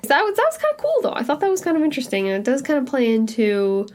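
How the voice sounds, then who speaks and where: A woman's voice: sits high, wildly swooping pitch, rapid-fire, darkish tone. A woman co-hosting a podcast in casual chat, talking loosely with many "like"s and laughing easily. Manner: chatty, heavy use of "like", laughs easily. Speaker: podcast co-host.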